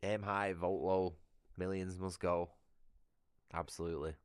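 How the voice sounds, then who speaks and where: A man's voice: deep voice, fairly even intonation, measured pace, clear, resonant tone, dry recording, clean studio sound. A British man chatting casually on a livestream, ranting with heavy swearing. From United Kingdom. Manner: profane, ranting.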